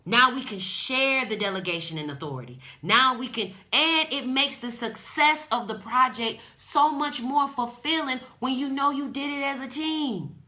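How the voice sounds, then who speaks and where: Bright-voiced, fired-up woman podcaster. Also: high voice, moderate pace, hardly any pauses. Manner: indignant, preachy, emphatic. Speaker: podcast host. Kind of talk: impassioned podcast monologue.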